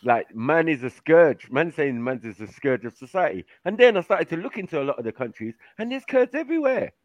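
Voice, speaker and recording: A man's voice: a little high, sing-song, a little fast, dry recording. A man chatting casually on a podcast, slangy, putting on voices and laughing often. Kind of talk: casual chat. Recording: dry, dull lo-fi sound.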